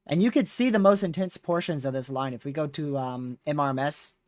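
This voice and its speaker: A man's voice: on the high side, a little fast, dry recording, clean studio sound. A man hosting a live severe-weather stream, talking casually with viewers while reading radar, his voice starting to wear out. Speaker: livestream host.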